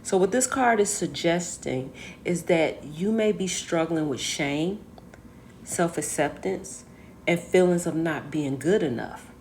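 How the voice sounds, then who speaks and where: A woman's voice: on the low side, animated, unhurried, a little mellow, a little hiss or hum. A woman in her forties giving a casual oracle card reading to her viewers, chatty and full of stories and rhetorical questions. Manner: speaks straight to her viewers.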